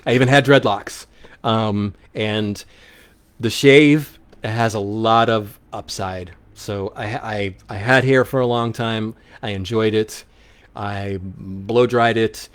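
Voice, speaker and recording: A man's voice: fairly low pitch, steady tone, slow, smooth. Rambling man hosting local live radio. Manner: rambling, many ums and restarts, upbeat. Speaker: local radio show host. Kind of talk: casual live radio chat reading listener questions.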